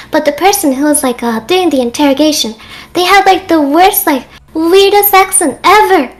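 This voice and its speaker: A young woman whose first language is German chats casually with a strikingly high voice. She tells stories in a loose, rambling way, scattering "uh" and "like" through her speech. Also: a little fast. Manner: chatty storyteller, frequent "uh" and "like". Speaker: guest streamer. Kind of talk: casual chat.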